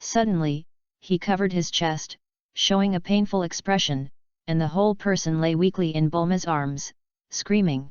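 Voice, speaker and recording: Smooth, low-voiced woman narrator. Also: moderate pace, darkish tone, no echo, highs cut off. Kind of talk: audiobook narration.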